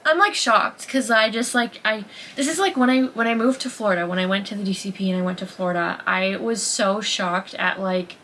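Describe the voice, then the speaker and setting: A woman in her twenties with a Massachusetts accent, chatting excitedly to camera as a vlogger, full of "like" and exclamations. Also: mid-range voice, brisk, slight background noise. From Massachusetts, USA. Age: 20s. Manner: excitable, heavy use of "like", exclamatory. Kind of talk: casual chat to camera. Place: at home, later in her kitchen.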